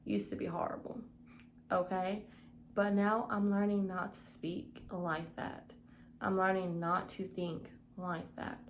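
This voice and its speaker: A woman's voice: lowish voice, little pitch movement, slow, a little hiss or hum, low-quality recording. A young woman giving a casual devotional Bible study, earnest and often checking in with "okay?". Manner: earnest, repeats "okay?" to the listener.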